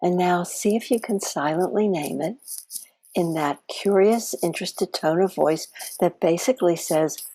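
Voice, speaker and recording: A woman chaplain leads a guided mindfulness exercise in a gentle, slow and soothing way. Her voice is mellow and fairly low. The sound is dry and close. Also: no echo, low-quality recording. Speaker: chaplain leading a guided practice.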